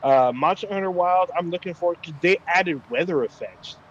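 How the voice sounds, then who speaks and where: A man's voice: high voice, moderate pace, highs cut off, a little hiss or hum. A man co-hosting a casual gaming podcast, talking loosely with plenty of swearing and filler words. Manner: loose and profane, lots of fillers. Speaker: podcast co-host.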